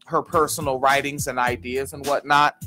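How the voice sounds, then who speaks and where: A man's voice: medium pitch, flat delivery, moderate pace, pushed and bright, soft background music. A man co-hosting a podcast in casual chat, joking and swearing, with lots of "uh" and "um.". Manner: loose, profane, joking, many fillers. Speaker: podcast co-host.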